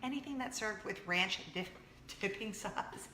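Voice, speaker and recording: A woman in her thirties hosting a casual chat show, excitable and jumping from point to point. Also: medium pitch, measured pace, roomy sound, very noisy. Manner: chatty, excitable, jumps around. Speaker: show host.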